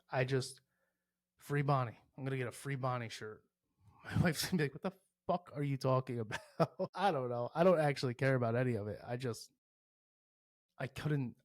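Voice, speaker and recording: A man's voice: medium pitch, no room sound, studio quality. A man hosting a podcast alone, rambling casually and cursing often, comparing everything to sports. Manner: profane, rambling, animated with sports analogies. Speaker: podcast host. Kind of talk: casual solo podcast rant.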